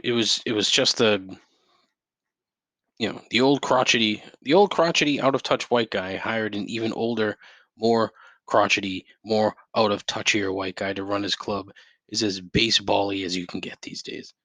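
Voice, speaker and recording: A man's voice: lowish voice, steady tone, normal speed, a bit bright, dry recording. Profane, rambling man ranting on a podcast. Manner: profane, rambling, with frequent restarts and outbursts. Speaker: podcast host. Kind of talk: solo podcast rant. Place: home.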